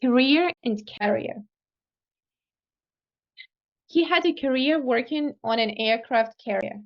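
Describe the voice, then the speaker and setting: Slow, careful woman practicing pronunciation. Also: on the high side. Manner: slow, careful repetition of words. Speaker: student. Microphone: video call. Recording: dull lo-fi video call audio.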